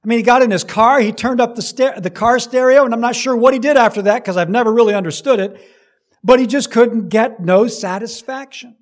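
A man preaching a sermon, emphatic, rising loud and dropping low to stress his points. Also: a little fast. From United States. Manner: emphatic preaching with big swings in loudness. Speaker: pastor.

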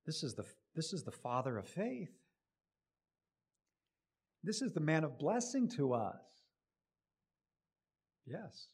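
A middle-aged man preaching a sermon, building to loud emphatic rises and then dropping low and quiet. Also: very animated, slow, long pauses, husky.

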